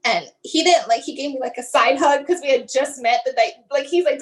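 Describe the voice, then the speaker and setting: A woman with a high voice tells a deeply personal story as a guest. She talks conversationally, slipping into the voices of the people she quotes and breaking off and restarting her phrases when emotion catches up with her. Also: fairly quick, few pauses, low-quality recording. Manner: conversational, acts out what others said, many fillers like "like". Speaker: guest, mother sharing her son's story.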